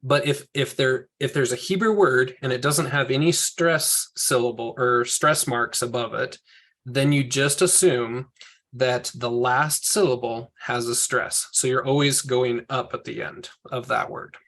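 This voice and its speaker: A man's voice: mid-range voice, fairly even intonation, unhurried, fairly bright tone. A man teaching a group language lesson, explaining patiently step by step and correcting himself as he goes. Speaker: Hebrew teacher.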